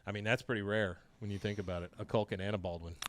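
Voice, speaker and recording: A man's voice: fairly low pitch, steady tone, fast, no echo. Podcast host, man, casual plot recap, clean and dry. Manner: reads episode plot with quoted lines, laughs often.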